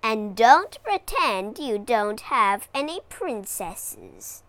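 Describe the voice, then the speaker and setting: A menacing, greedy scaly dragon from a storybook, snarling his demands in a low, gloating voice, as a woman reads him. He drags his words out very slowly. His tone swings widely between growls and outbursts. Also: big pitch swings, fairly bright tone, no echo, heavily acted. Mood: demanding. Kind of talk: storybook reading.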